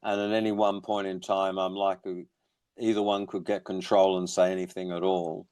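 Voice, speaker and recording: A man's voice: deep voice, flat delivery, normal speed, a little mellow, clear, resonant tone, dry recording. A man, born in England, chatting as a musician guest with rambling, self-deprecating humor. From born in England, raised in Australia. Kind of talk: casual interview chat.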